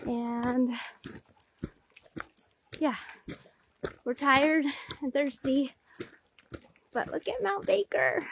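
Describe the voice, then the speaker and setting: Woman hiking vlogger, high pitch, unhurried, out of breath, casual live chat on a phone outdoors. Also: expressive, creaky, fairly bright tone, a little hiss or hum. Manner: breathless, chatty, baby talk to her dogs. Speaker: dog owner vlogger. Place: mountain trail outdoors. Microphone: phone held selfie style.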